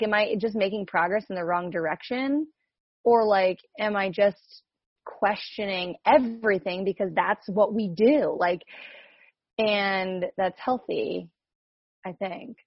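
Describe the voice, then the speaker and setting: A woman's voice: mid-range voice, dry recording. A rambling, self-questioning woman from New Jersey, sharing openly on a group video call. She speaks with many "like"s and laughs often, in a dry, close voice. The video-call audio is slightly dull. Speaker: coach.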